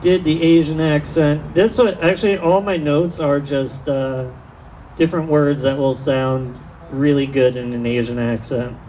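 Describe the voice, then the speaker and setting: A man's voice: on the high side, steady tone, a little slow, mellow, slight background noise, poor audio. A man doing a rambling, self-deprecating stand-up set in an outdoor tent, often trailing off mid-thought. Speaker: stand-up comedian.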